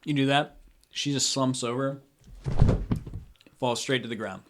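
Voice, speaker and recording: A man's voice: medium pitch, steady tone, measured pace, noisy background. A young man narrating a tabletop game as game master, describing scenes in a rambling way full of fillers.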